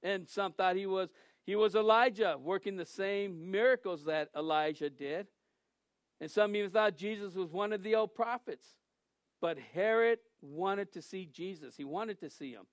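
A man's voice: high-pitched, moderate pace, no room sound. A male pastor giving a sermon in a conversational, storytelling way that turns emphatic at times.

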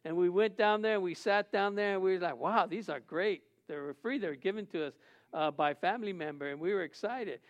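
High-voiced male pastor telling a story. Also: a little fast, highs cut off. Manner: storytelling, acts out dialogue, laughs often. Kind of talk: sermon with personal story.

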